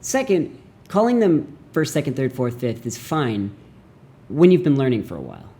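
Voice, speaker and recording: Youngish guy doing a chill mandarin lesson, mellow voice, animated and goofy. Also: medium pitch, moderate pace. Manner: animated, jokey, acts out mock voices. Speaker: language teacher. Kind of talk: casual video lesson.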